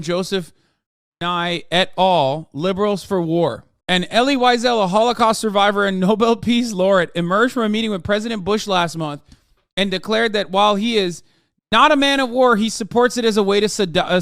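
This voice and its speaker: A man's voice: sits high, clean tone, dry recording, clean studio sound. A man hosting a live stream who reads articles aloud and breaks into profane, sarcastic rants. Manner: fast, flat reading of quoted text. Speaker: streamer host.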